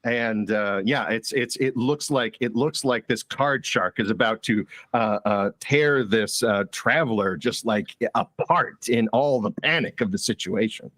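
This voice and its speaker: A man narrating a tabletop role-playing game as game master, halting with many fillers and repeated words. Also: on the low side, a bit bright, no room sound.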